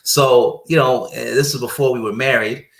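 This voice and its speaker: A man's voice: mid-range voice, steady tone, moderate pace, gravelly, a little hiss or hum. A man being interviewed on a podcast as a paramedic guest, telling a story animatedly, repeating phrases for emphasis and speaking in a faith-centered way. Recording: roomy echo.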